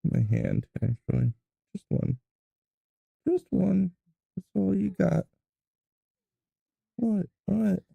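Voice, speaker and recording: A woman talking baby talk to her pets, with high, loud cooing that often turns away from the mic. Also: very animated, slow, creaky, pauses often, husky, no room sound, highs cut off.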